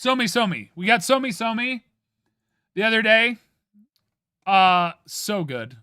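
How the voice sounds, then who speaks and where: A man from Ohio chats with his stream audience in a high, lively voice that swoops up and down. His tone is bright and sharp, and his opinions come out playfully dramatic. The sound is dry and close, with no room echo. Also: measured pace, clear, resonant tone. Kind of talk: casual chat with stream viewers.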